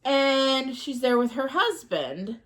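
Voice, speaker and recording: Slow, halting woman podcast co-host. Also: high voice, big pitch swings, fairly bright tone. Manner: rambling and halting, full of ums. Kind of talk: casual chat recapping a movie.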